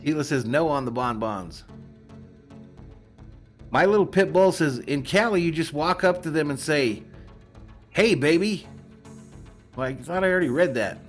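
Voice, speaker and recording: A man's voice: a little high, expressive, normal speed, soft background music. Chatty man calling a game live. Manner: chatty, jokey, laughs often between chat reads. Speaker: streamer doing live play-by-play and reading chat. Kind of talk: casual live-stream commentary.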